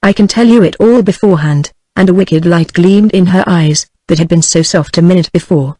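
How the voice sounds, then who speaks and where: A text-to-speech woman's voice with a British English accent, reading a novel aloud in an even, uninflected way. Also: lowish voice, brisk, few pauses, no echo, low-quality recording. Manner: even, uninflected reading of dialogue and narration alike. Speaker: narrator. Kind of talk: text-to-speech audiobook narration.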